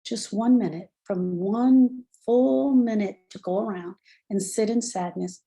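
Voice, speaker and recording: A woman's voice: mid-range voice, unhurried, mellow, husky. A middle-aged woman speaking as a grief coach, talking earnestly and encouragingly straight to the listener. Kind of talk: motivational talk.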